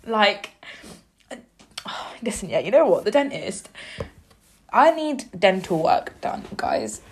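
A woman co-hosting a casual radio chat, chatty and animated, laughing often. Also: medium pitch, takes it slowly. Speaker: radio co-host.

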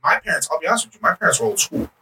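A man chatting on a podcast, telling personal stories in a loose, rambling way. His voice is very bright and forward. He sits a bit back from the mic, with faint noise underneath. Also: fairly high pitch, rapid-fire, far from the mic, rough recording. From United States. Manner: animated storyteller, rambling with many fillers. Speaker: podcast co-host. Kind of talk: casual chat.

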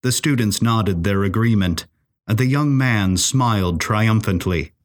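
A man reading a period story aloud in a measured, expressive narration. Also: lowish voice.

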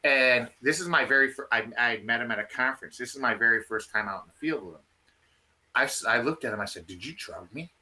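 A man telling a field story in a casual, animated way, restarting his sentences often. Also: medium pitch, fast. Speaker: field researcher guest.

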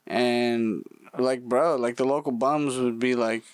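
A man's voice: mid-range voice, fairly even intonation, slow, clean tone, dry recording. A young man hosting a podcast in casual chat, laid-back and slangy, full of "like" and "bro". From Southern California. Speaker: podcast host.

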